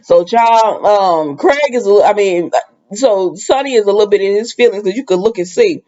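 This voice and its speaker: Woman, chatty recap vlogger, storytelling, acts out quotes, mid-pitched voice, muffled lo-fi sound. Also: lively intonation, normal speed, dark tone. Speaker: soap opera recap vlogger. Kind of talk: casual spoken recap.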